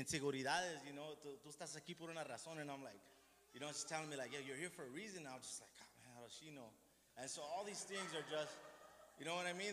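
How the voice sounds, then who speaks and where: A man's voice: on the high side, pushed and bright. A man giving an informal, self-deprecating sermon, rambling with many restarts and asides. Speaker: lay preacher. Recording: echoey hall with long reverb.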